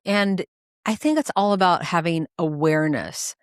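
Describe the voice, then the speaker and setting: Low-voiced woman hosting a podcast. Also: moderate pace, no room sound, clean studio sound. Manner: expressive storyteller, acts out quoted dialogue. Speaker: podcast host. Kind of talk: conversational interview.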